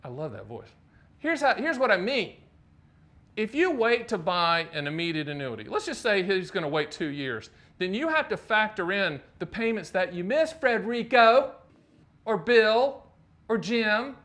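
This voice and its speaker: An animated man from North Carolina, speaking straight to the camera. He talks emphatically, with a voice slightly higher than most men's, and often fires off rhetorical questions at the viewer. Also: moderate pace. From North Carolina, USA. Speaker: host of a finance channel. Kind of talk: talking to camera.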